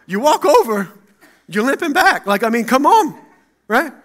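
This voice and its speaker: A man preaching a sermon as pastor in a church, acting out Bible dialogue and swinging between loud and hushed. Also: very high-pitched, sing-song, moderate pace.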